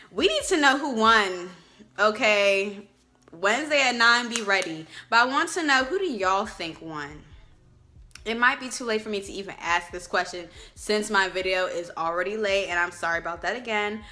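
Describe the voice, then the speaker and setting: A young woman vlogging casually to camera, chatty and expressive, talking straight to her viewers. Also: medium pitch. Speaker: vlogger reviewing a reality show.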